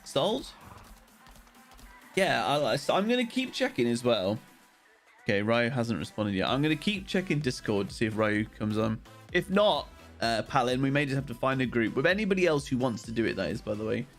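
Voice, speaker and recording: A man's voice: medium pitch, big pitch swings, fairly quick, faint music behind. A young man rambling casually on a game live stream, greeting viewers by name as he plays.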